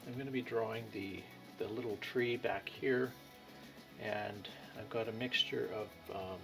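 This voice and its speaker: A male painting instructor with a low, gravelly voice gives an unhurried tutorial, thinking aloud as he paints with relaxed pauses and fillers. Music plays in the background.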